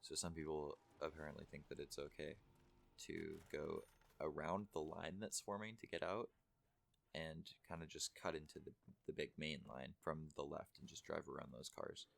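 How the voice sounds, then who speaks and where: Very deep gravelly young man. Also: normal speed, a bit bright. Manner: rambling, profane, full of fillers. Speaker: vlogger. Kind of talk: casual storytelling.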